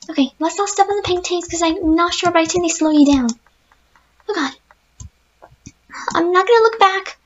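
Fluttershy, a woman voicing a very high, timid pony. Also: lo-fi sound. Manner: jittery, easily spooked, talks to herself. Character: timid, gentle young female pegasus pony. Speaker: let's-play gamer in character. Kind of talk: in-character game commentary.

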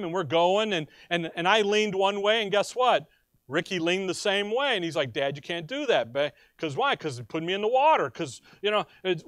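High-voiced man preaching a sermon. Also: dry recording, studio quality. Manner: animated, asks the congregation questions; tells personal stories. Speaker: pastor. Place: church.

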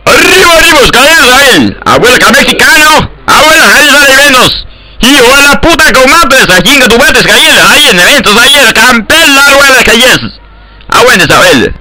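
A man voicing a brash, loud male ranch hand who shouts crude outbursts in a game chat. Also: extremely high pitch, sing-song, fast, pitched above the performer's own voice, rough recording. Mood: raucous shouting.

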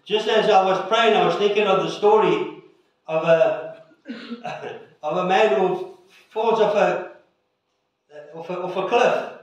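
A male pastor giving an earnest sermon and prayer with measured pauses, recorded in a church sanctuary. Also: sits high. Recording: echoey church from a distance.

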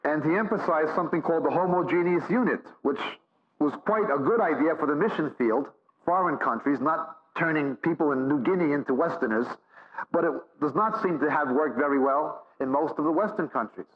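A man's voice: on the high side, fairly quick. A man preaching a sermon as a Bible teacher, emphatic, driving his points home with repeated phrases and lists. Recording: dull lo-fi recording.

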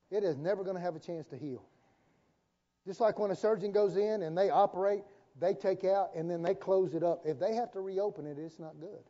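Preacher guy, high mellow voice, jokey and folksy, dull echoey church stream. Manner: folksy, joking preaching with call-and-response. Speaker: pastor. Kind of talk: sermon. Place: church sanctuary.

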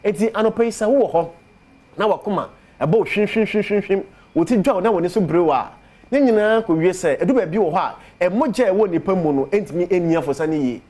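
Persuasive Ghanaian man pitching herbal medicine. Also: lively intonation, fast, warm tone. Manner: persuasive, repeats product pitch. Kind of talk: promotional talk on TV show.

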